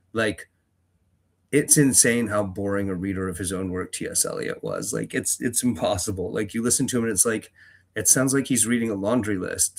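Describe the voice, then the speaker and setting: A man with a lowish voice chatting casually between passages of a fantasy book reading. He rambles and restarts often, trailing off and picking the thread back up. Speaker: reader and host.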